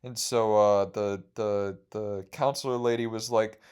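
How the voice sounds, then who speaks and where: A young man hosting a podcast, telling rambling stories full of swearing, and he gets excited easily. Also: on the low side, a little slow, clear, resonant tone. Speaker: podcast host. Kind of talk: rambling storytelling.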